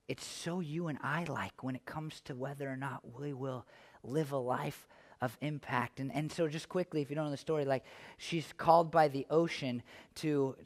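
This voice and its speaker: A male pastor preaching a sermon in a church, chatty and self-deprecating, then building to loud, impassioned stretches. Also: mid-range voice, long reverb tail. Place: church sanctuary.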